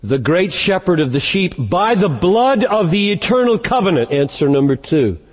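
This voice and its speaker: Emphatic preaching man with lively pitch. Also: slightly rough. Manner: emphatic preaching, slowing down to stress key words. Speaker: pastor. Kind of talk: sermon. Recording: long hall reverb.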